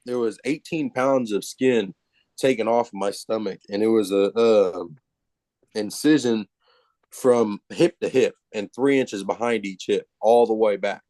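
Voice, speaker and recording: A man telling a personal story as a podcast guest, casual, animated and self-mocking, with plenty of profanity. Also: lowish voice, measured pace, no echo.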